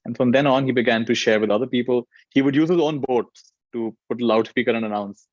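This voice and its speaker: A man's voice: mid-range voice, no echo. Man telling a teaching story, dull dry sound. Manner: gentle, unhurried storytelling with frequent fillers. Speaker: meditation teacher. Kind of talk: storytelling dharma talk.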